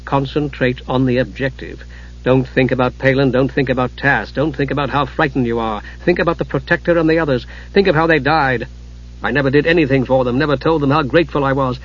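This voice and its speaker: A man voicing a frightened young woman who steels herself in quiet, inward speech, on a dull lo-fi recording. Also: mid-range voice, fairly even intonation, a little fast, close to an everyday voice. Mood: resolute.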